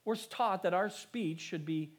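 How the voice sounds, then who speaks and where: A man preaching a sermon in an earnest pastoral voice that sits a little high for a man. He swings between raised, emphatic lines and soft, prayerful ones, and he restarts a phrase now and then as he goes. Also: measured pace.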